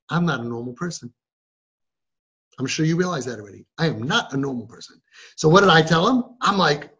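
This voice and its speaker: A man's voice: fairly high pitch, sing-song, a little fast, pauses often, fairly bright tone, slightly rough, lo-fi sound. A man hosting a parenting podcast, telling a story with drama and acting out the quoted voices. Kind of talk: animated storytelling to an audience.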